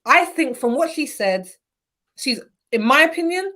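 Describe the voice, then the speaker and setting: Her voice is high-pitched and unhurried. She's a young adult from the UK appearing as a podcast guest, and she keeps the chat casual and lively, dramatizing the thoughts she quotes.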